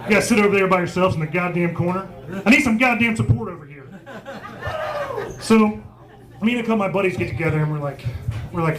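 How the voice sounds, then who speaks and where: A man's voice: high voice, quick pace. A man in his forties doing a profane, self-mocking stand-up set in a pub. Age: 40s. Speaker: stand-up comedian. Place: small pub comedy stage. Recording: live pub crowd noise. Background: crowd laughing.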